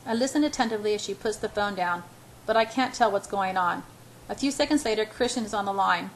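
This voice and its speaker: A woman's voice: medium pitch, fast talker, a little hiss or hum, low-quality recording. A woman reading a first-person novel aloud in a casual, unpolished way, with restarts and self-corrections. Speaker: amateur audiobook reader.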